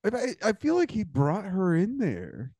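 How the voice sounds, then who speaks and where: A man's voice: sits high, wildly swooping pitch, unhurried, warm tone, dry recording. A man co-hosting a podcast in casual chat, joking and self-mocking. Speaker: podcast co-host.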